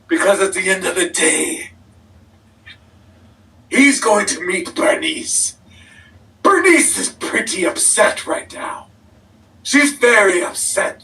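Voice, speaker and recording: A man cutting a menacing, theatrical wrestling promo, lurching from shouted threats to hushed whispers. His voice is high, bright and hard-edged, rising and falling wildly, with slow, drawn-out delivery. He sits some way back from the mic. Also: animated, creaky, distant mic, rough recording. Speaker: pro wrestler guest.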